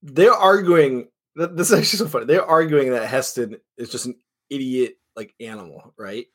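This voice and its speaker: A man's voice: mid-range voice, normal speed, fairly bright tone. A man co-hosting a podcast, chatting casually about a film, swearing, laughing and stumbling over restarts. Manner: profane, stammering restarts, laughing. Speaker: podcast co-host. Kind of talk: casual chat recapping a film.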